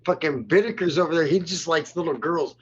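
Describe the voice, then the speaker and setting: Husky male co-host, swearing storyteller, dull lo-fi recording. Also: on the high side, fairly quick. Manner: profane, rambling storyteller. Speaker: podcast co-host. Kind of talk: casual podcast storytelling. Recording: muffled lo-fi audio.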